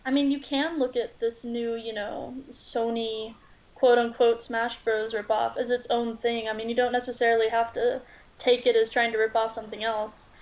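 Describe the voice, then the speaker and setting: Woman w a higher voice thinking out loud about games, kinda hedgy, dull lo-fi sound. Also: flat delivery, normal speed. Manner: thoughtful, hedging. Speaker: podcast guest. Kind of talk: casual gaming chat.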